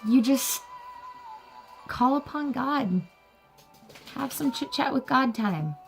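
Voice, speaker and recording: Earnest young woman with a gravelly voice. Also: high-pitched, animated, slow, soft background music. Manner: earnest, encouraging, religious. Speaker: vlogger. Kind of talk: heartfelt personal talk to camera.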